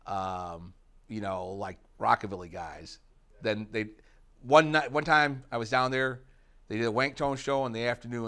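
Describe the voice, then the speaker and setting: A middle-aged man from the United States talks casually in an interview. He rambles, breaking off for fillers and asides. His voice sits at an ordinary male pitch. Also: fairly bright tone. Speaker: interviewee, rock guitarist.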